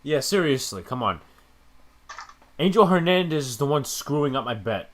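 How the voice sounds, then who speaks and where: Lively young man yelling at a ballgame. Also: medium pitch, normal speed, a little hiss or hum. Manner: yells and cheers at plays, swears casually. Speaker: podcast co-host. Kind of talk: live game-watching reaction chat.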